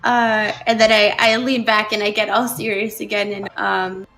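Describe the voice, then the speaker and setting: A woman's voice: mid-range voice, flat delivery, normal speed, fairly bright tone, rough recording. A woman playing in a tabletop game, describing her character's actions hesitantly with many fillers. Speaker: player.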